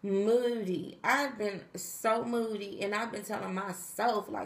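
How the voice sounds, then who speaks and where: Speaking slowly to camera, a weary pregnancy vlogger chats with her audience and acts out quotes from others. Her voice is medium-pitched with fairly even intonation, and the sound is reverberant.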